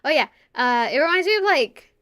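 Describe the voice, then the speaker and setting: Casting note: young female streamer, higher-pitched voice, giggly rambling chat, close dry mic. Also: lively intonation, brisk, a bit bright, no room sound. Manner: giggly, rambling, drops to a mutter while working.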